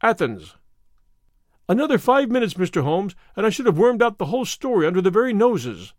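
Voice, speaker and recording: High, lively male audiobook narrator. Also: fast, no echo, clean studio sound. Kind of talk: first-person storytelling narration.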